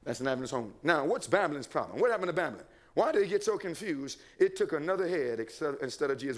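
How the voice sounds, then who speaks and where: High-voiced preacher quizzing his congregation. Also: sing-song, fast, hardly any pauses. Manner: asks the congregation questions and answers them himself; reads quotations aloud. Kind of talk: sermon.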